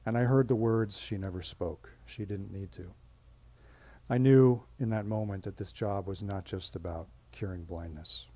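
Mellow-voiced man telling a story live. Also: fairly low pitch, no room sound. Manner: measured, dramatic pauses. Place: stage at a live storytelling event.

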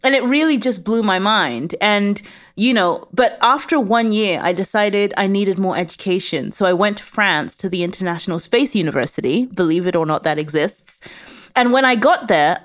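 A woman with a British accent, a guest in an interview, speaking in a confident, emphatic, motivational way. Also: medium pitch. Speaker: guest, space lawyer. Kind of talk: interview conversation.

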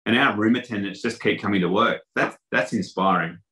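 Man, low bright voice, rambling anecdotal interview guest. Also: brisk, rough recording. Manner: anecdotal, lots of fillers and restarts. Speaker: hotel industry guest. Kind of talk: casual interview storytelling.

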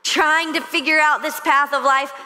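A female pastor preaches earnestly, building her points through repetition. Her voice is bright and set slightly high. The long reverb of a large church hall trails each phrase. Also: fairly even intonation, moderate pace. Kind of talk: sermon. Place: church stage.

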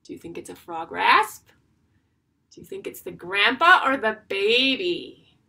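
A woman teaching an online music class for young children, talking in a slow, sing-song way with drawn-out phrases. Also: medium pitch, big pitch swings, bright, forceful tone.

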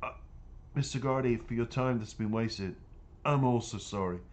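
A man's voice: medium pitch, normal speed, close to an everyday voice. A man voicing a remorseful boy who pleads and apologizes in a distraught tone in a storybook reading. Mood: pleading.

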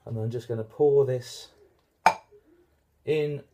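A British man with a dark, mid-range voice speaks slowly with fairly even intonation. Hosting his channel, he gives a casual home cooking demonstration in his kitchen, chatting and poking fun at himself.

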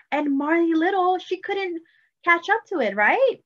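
A woman preschool teacher reading a picture book aloud, speaking slowly and encouragingly to young children. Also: very high voice, sing-song, a bit bright, lo-fi sound. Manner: slow, sing-song, encouraging teacher talk. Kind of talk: storybook read-aloud lesson.

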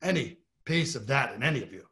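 A man doing an impression of an older male trial lawyer who speaks slowly and quietly, with a hushed, deliberate manner. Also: medium pitch, animated, vocal fry. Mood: confessional.

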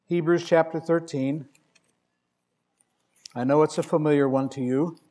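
A male preacher with a warm, somewhat high voice and fairly even intonation speaks a little slowly. His sermon is wry and conversational, telling stories with dry humor and reading scripture with emphasis.

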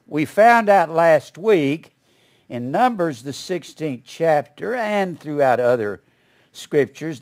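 A man's voice: a little high, a little mellow. An older man teaching a Bible study in a folksy, rambling way, with asides and small chuckles.

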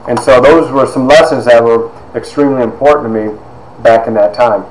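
A man's voice: mid-range voice, fairly quick, crowd noise. A man giving a personal testimony as a storyteller, acting out the voices of people he quotes. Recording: echoey room with faint noise.

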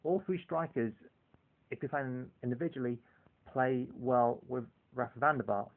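A man's voice: mid-range voice, normal speed. A man talking casually in a rambling monologue, filling his sentences with "you know" as he talks football. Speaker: football fan vlogger. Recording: tinny phone-like lo-fi audio.

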